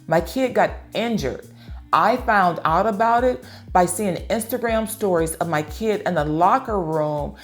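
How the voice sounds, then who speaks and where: Earnest middle-aged woman giving advice. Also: mid-range voice. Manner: earnest, addresses parents directly, tells personal stories. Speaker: channel host. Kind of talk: personal advice talk to camera.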